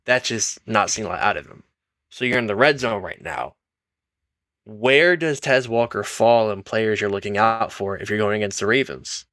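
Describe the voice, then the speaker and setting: Male co-host, young adult, bright tone, low voice, dry mic. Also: moderate pace, dry recording. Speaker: podcast co-host. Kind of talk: casual sports podcast chat.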